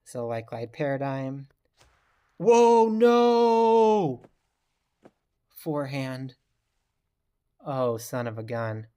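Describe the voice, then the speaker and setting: Brief: male gaming creator, talky play-by-play, mid pitch, loud groans at misses. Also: fairly even intonation, slow, long pauses. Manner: chatty, reacts loudly to bad throws. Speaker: gaming YouTuber. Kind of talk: casual gameplay commentary.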